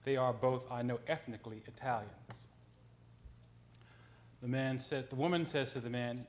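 A man's voice: medium pitch, fairly even intonation, normal speed, pauses often. Man telling a street anecdote. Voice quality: conversational, with frequent ums and self-corrections. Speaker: writer on a panel. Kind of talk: storytelling anecdote on a panel.

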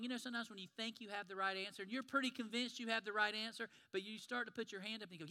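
Guy preaching, high bright voice, chatty storytelling, long hall reverb. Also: fairly even intonation, rapid-fire. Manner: storytelling, conversational, acts out quoted lines. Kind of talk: sermon.

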